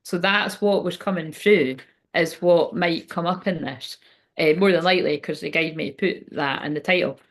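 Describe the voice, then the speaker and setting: A woman's voice: fairly low pitch, normal speed. A woman giving a rambling, casual tarot reading to camera at home, swearing now and then. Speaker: tarot reader. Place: indoors at home by a window.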